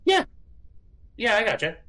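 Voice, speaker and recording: A man running a tabletop game as game master, halting and full of fillers as he explains. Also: high voice, huge pitch swings, sharp tone, rough recording. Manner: halting, lots of fillers and restarts.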